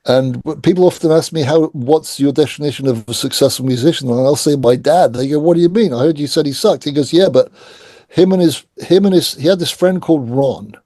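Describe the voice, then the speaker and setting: Middle-aged male guest, animated raconteur, dark mellow tone, dry sound. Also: medium pitch, brisk, dry recording. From England. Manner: animated anecdotes, acts out quoted voices. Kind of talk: casual storytelling interview.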